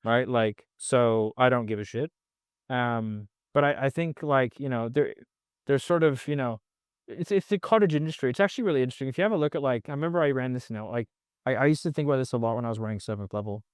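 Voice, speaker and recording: Fast and smooth, a medium-pitched man speaks as a sales trainer guest on a casual podcast, with clean studio audio and no room sound. His manner is rambling and blunt, full of profanity, filler words, and frequent "like."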